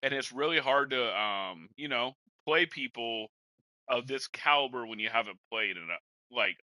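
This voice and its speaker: Bright-voiced young man in casual podcast chat. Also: medium pitch, lively intonation, moderate pace, dry recording, rough recording. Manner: laid-back, rambling, says bro and man a lot. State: has the hiccups. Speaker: podcast host and Madden gamer.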